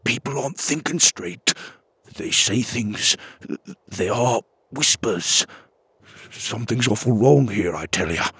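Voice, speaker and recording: A man voicing a short, timid fairy villager who speaks nervously and haltingly, with folksy turns of phrase. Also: fairly low pitch, animated, a bit bright, slightly rough, dry recording, heavily acted.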